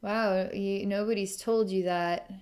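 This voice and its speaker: A woman giving a recorded psychic reading, musing aloud with halting pauses, frequent ums and sighs, and soft laughs. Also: medium pitch, fairly even intonation. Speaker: psychic reader.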